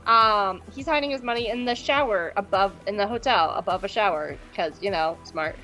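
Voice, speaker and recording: A woman's voice: mid-range voice, bright, forceful tone, soft background music, rough recording. A woman co-hosting a podcast, recapping an episode in casual chat and briefly acting out the characters. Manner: playful, acts out characters in quick impressions. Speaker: podcast co-host.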